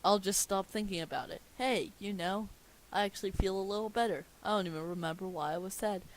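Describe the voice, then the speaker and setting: A woman's voice: medium pitch, fairly even intonation, a little fast, a little hiss or hum, close to an everyday voice, rough recording. Woman reading as an eager childlike cartoon sponge. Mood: mixed. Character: upbeat childlike cartoon sea sponge, male.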